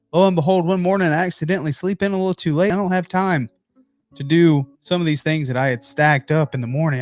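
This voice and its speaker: A man's voice: a little high, a little fast, faint music behind. A man hosting a motivational business talk from his home office, speaking emphatically and addressing viewers directly. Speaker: host.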